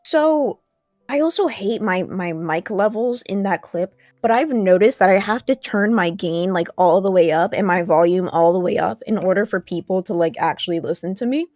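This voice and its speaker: A woman's voice: medium pitch, lively intonation, normal speed, a little mellow, no echo, studio quality, soft background music. A woman with a lisp chatting on a livestream, hesitant, with many fillers and trailing thoughts. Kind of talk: casual livestream chat. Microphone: large desk mic.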